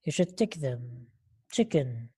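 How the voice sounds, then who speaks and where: Slow, low-voiced woman teaching English online. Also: big pitch swings, dark tone, slightly rough. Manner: slow, patient, repeats words and questions for learners. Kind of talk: online live English lesson. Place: online class call.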